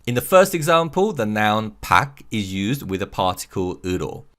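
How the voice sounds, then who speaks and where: Lively low-voiced man teaching pronunciation. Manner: clear, measured explanation with slow repeated example words. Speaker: language teacher. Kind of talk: scripted lesson narration.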